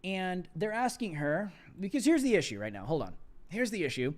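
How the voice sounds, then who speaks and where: A man's voice: high-pitched, sing-song, moderate pace. A man hosting a live political commentary stream, ranting with mocking sarcasm and laughing at his own jokes.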